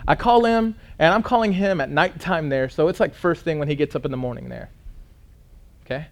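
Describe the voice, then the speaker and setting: A man, preaching a storytelling sermon, earnest and dramatic, dropping to a hush for emphasis. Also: a little high, a little fast.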